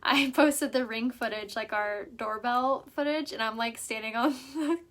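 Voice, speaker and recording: A woman's voice: on the high side, measured pace, a bit bright. A young woman from San Diego hosting a casual makeup livestream at home, rambling in chatty talk full of "like" fillers. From San Diego, California.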